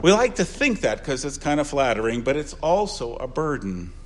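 An older man, a pastor, preaching an earnest funeral sermon, repeating phrases and swinging between soft asides and louder emphasis. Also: mid-range voice, sing-song, normal speed.

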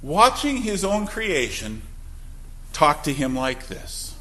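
Male pastor, sermon delivery, animated intonation, punchy then hushed. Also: on the high side, slow. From Wisconsin. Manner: emphatic preaching with sudden loud and soft swings.

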